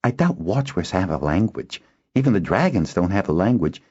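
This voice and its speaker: A man voicing a spirited, quick-tempered young girl in an audiobook, in a high, lively voice. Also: breathy edge, full character voice. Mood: eager. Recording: dull lo-fi recording.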